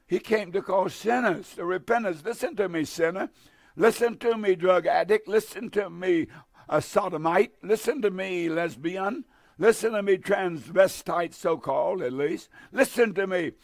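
A man preaching a fiery broadcast sermon, hammering phrases over and over and stumbling through fillers. His voice sits a touch high and carries a gravelly fry. The sound is close and dry. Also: normal speed, no room sound. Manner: fervent, repetitive exhortation with many fillers.

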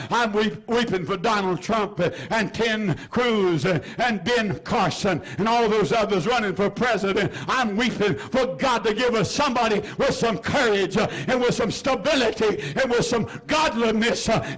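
A man preaching a fervent sermon to his church as pastor, pleading and rising to shouts, with many "uh" fillers. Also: high voice, normal speed.

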